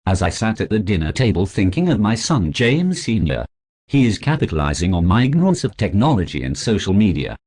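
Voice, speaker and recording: A man narrating a first-person story aloud in a steady, read-aloud way. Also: fairly low pitch, a little fast, breathy edge.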